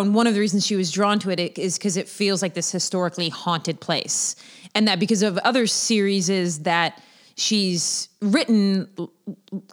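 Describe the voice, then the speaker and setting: A woman co-hosting a casual podcast, joking and cutting in with quick asides. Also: mid-range voice. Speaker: podcast co-host.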